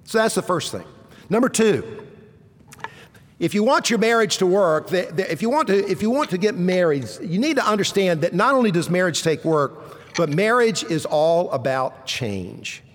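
A male pastor preaching a sermon, telling stories with dramatic pauses and dropping low and quiet for punchlines. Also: animated. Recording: long reverb of a large hall.

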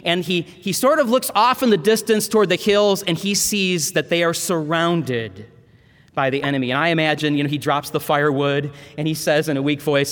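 A seminary professor preaches to a congregation, retelling a Bible story with dramatic, storytelling flair. His voice sits rather high for a man. The sound carries a long, ringing reverb from the church. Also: moderate pace, a bit bright. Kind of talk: sermon.

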